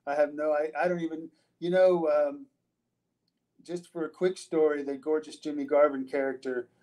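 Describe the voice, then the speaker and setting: A man's voice: on the high side, fairly even intonation, moderate pace, warm tone, rough recording. An older man, a retired wrestler, answering interview questions in a loose storytelling way, with frequent restarts, fillers and casual swearing.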